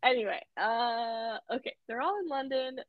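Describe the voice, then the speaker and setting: A woman's voice: on the high side, moderate pace, narrow, tinny audio. A woman co-hosting a podcast, recapping a cartoon episode in casual chat, often laughing and using many fillers. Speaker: podcast co-host.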